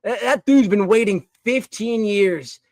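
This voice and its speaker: Rambling young man, fairly high voice. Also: a little slow, no room sound. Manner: rambling, animated, with many restarts and fillers. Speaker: podcast host. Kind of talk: casual opinion segment.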